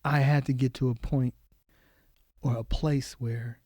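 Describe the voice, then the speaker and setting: A man telling a painful personal story as a podcast guest, halting and repeating words, his voice often dropping low and soft. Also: steady tone, no echo, studio quality.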